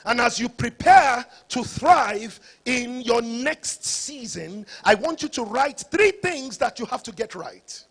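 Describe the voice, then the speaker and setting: Husky high-voiced man speaking. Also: animated, slow, few pauses. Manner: preacher-like, rising to shouts for emphasis. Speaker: conference speaker. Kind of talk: motivational conference talk.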